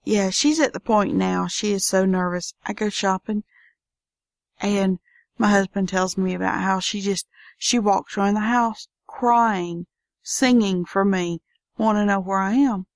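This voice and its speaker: A woman's voice: medium pitch, fairly even intonation, unhurried, dry recording, studio quality. A woman with a Southern US accent hosting a casual solo podcast from her home office, chatty and folksy. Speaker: podcast host.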